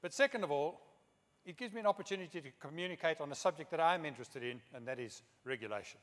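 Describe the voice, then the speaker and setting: Man, middle-aged, speech with anecdotes, fairly high voice, hall reverb. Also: lively intonation, fast talker, fairly bright tone. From South Africa. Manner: humorous storytelling, quotes others in his own voice. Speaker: keynote speaker. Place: conference hall. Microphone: podium microphone.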